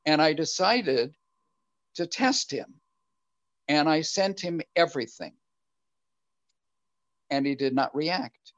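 Slow, earnest older man, lo-fi sound. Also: on the high side, animated, fairly bright tone, no room sound. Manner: earnest, reflective, halting. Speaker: guest speaker. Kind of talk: answering questions at a recovery meeting. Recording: dull lo-fi recording.

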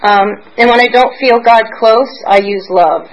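A woman's voice: on the high side, normal speed, dull audio. Candid woman sharing at a recovery meeting. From Pennsylvania, United States. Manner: rambling, candid, with frequent soft laughs; emotional and searching. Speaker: meeting member sharing her story. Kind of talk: personal share at a recovery meeting.

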